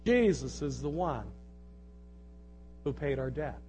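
A man's voice: medium pitch, expressive, takes it slowly, dark tone, slight background noise, poor audio. A man preaching an earnest sermon, reading scripture aloud and repeating key phrases. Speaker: pastor.

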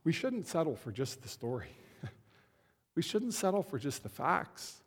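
A man giving a conversational Christmas sermon as a pastor, slowing down to stress key words. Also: a little high, very animated, husky. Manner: conversational, slows down for emphasis. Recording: long hall reverb.

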